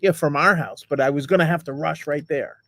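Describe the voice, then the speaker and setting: A man's voice: on the high side, fairly quick, sharp tone, dry recording, studio quality. A man co-hosting a podcast in casual chat, easygoing and hesitant, with many fillers. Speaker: podcast co-host. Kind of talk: casual chat, reading comments.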